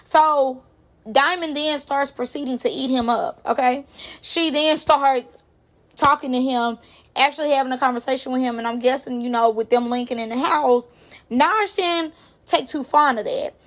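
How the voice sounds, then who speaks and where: High-pitched woman spilling reality-show gossip. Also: moderate pace. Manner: animated, slangy storytelling. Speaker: reality TV recap host. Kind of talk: casual gossip recap.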